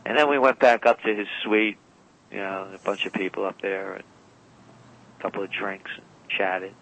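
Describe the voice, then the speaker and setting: Man, radio guest, lowish voice, forceful bright tone, rambling self-correcting storytelling. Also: moderate pace, vocal fry, poor audio. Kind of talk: storytelling interview talk. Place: radio call-in or studio.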